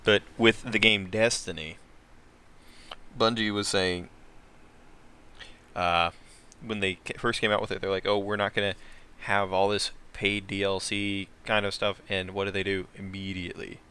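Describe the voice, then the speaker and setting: Bright-voiced man ranting on a podcast. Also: on the low side, moderate pace, clear, resonant tone. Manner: animated, ranting storyteller. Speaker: podcast co-host. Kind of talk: casual chat.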